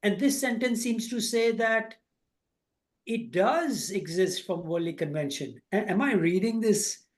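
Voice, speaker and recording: Male student, halting and searching for words, pushing a question to the teacher. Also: high voice. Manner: hesitant, many fillers and restarts, pressing a question. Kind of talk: asking questions in class.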